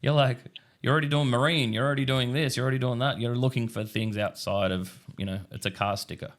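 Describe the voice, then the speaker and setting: A man's voice: medium pitch, fairly even intonation, fast talker. An Australian man chatting as a podcast guest, telling rambling stories and acting out his own past lines. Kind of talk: casual podcast chat.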